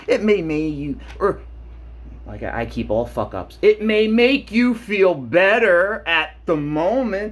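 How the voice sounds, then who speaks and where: Man, late 30s, vlogger: husky, slightly high voice, rambling and profane. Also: takes it slowly. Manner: profane, animated, worked up. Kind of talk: rambling casual monologue. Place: home shower.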